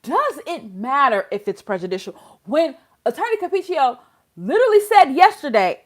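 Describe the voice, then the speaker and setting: A woman's voice: high-pitched, big pitch swings, normal speed. A woman hosting a casual legal commentary channel, exasperated and full of rhetorical questions.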